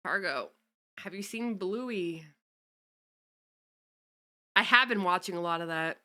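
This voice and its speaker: Speaking slowly with a fairly low, sharp voice, this young VTuber streamer hangs out with her audience. She says hello to viewers and swears casually in her relaxed livestream chat.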